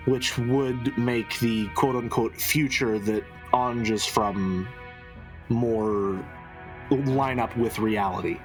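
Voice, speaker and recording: A man's voice: medium pitch, steady tone, slow, poor audio. A man streaming, narrating and commenting on a visual novel in a casual, amused way. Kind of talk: casual read-along and commentary. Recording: music playing behind.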